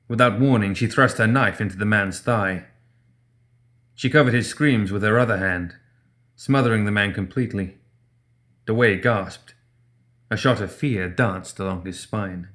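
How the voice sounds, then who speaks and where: A man narrating a story in a steady, measured reading style. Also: fairly low pitch. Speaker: audiobook narrator.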